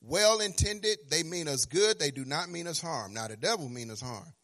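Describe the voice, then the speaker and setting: Animated male preacher, high voice, stammers, sing-song peaks. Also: moderate pace. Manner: animated, acts out dialogues with God, sing-song emphasis; stammering restarts, swings from quiet to loud. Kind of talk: sermon.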